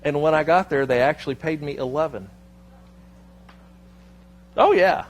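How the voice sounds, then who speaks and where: A man preaching a sermon as pastor, telling a personal story with lively quoted dialogue before turning to scripture. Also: on the high side, quick pace. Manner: storytelling, animated, quoting others in his anecdotes. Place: church sanctuary.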